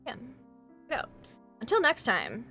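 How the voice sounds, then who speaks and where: A woman's voice: fairly high pitch, huge pitch swings, moderate pace, sharp tone, faint music behind. A woman playing in a tabletop role-playing game, chatting casually at the end of a session. She gushes with enthusiasm and uses many fillers.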